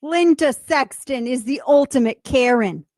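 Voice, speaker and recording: A woman hosting a radio talk show, giving mocking, animated political commentary with quick asides. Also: high-pitched, dry recording, clean studio sound.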